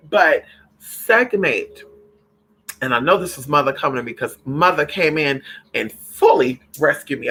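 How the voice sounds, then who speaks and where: An animated man chats with his viewers about spirits, swearing freely and calling them honey and girl. His voice sits a bit high and rings bright and sharp. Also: husky, poor audio. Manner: animated, profane, calls listeners honey and girl. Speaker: spiritual livestream host. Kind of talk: casual chat with viewers.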